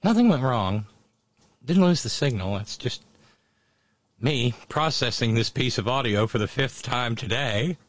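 A man hosting a show, giving mocking commentary on audio clips with sudden high exclamations. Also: lively intonation, a little slow, no echo. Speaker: show host. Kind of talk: sarcastic commentary over played audio.

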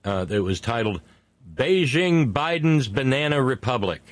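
A man hosting a political commentary monologue, indignant, stretching key words slowly for emphasis. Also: medium pitch, expressive, no echo. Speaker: host.

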